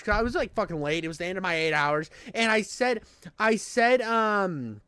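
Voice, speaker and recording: Young man, high voice, casual commentary, profane, rambling, dry close mic. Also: brisk, pushed and bright, smooth, no echo. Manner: rambling, profane, full of restarts. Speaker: online commentator.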